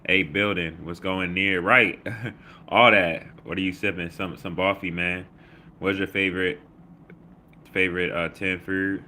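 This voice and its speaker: Low, bright-voiced man. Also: level tone, a little slow, slight background noise. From Baltimore. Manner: loose, slangy, reads chat comments aloud with shout-outs. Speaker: livestream host. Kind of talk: casual livestream chat.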